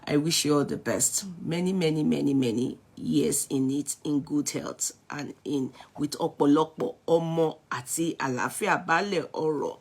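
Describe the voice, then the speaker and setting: A woman's voice: sits low, normal speed, few pauses, a little mellow. A middle-aged Nigerian woman hosting a live stream, greeting viewers by name in a chatty way and slipping into Yoruba phrases. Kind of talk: casual live-stream chat.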